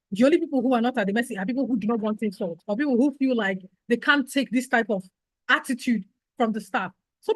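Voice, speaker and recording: Lively woman giving a training talk. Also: a little high, no room sound, poor audio. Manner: lively, acts out customer and staff exchanges. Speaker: customer service trainer. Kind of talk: workshop lecture.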